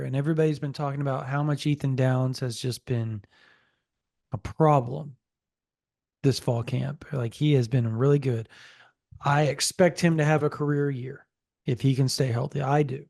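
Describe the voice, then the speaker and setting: A man co-hosting a sports podcast, telling a story in a casual, animated way and relaying a source's quotes. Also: on the high side, vocal fry, no echo, studio quality. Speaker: podcast co-host.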